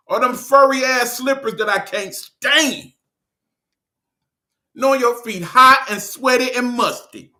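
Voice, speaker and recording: A Detroit man hosts his own show and rants about people's habits. His voice sits high and sounds very bright and sharp. He talks in an unhurried, blunt, scolding way, swearing and joking as he goes. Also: lively intonation. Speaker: online show host. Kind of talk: casual ranting monologue.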